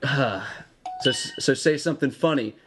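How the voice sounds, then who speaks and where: A man's voice: mid-range voice, unhurried, crowd noise, close to an everyday voice. A man quoting a rude drunk bar promoter. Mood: dismissive.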